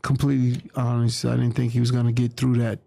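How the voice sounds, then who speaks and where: Gravelly, dark-voiced man telling a story. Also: mid-range voice, completely flat delivery, quick pace, no echo. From New York. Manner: candid, plain-spoken, acts out quoted voices. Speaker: interview guest. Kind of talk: casual storytelling.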